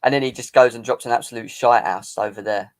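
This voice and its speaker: Man, live-stream host, boisterous banter, teasing, average pitch. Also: fairly even intonation, quick pace. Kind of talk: casual live-stream football chat.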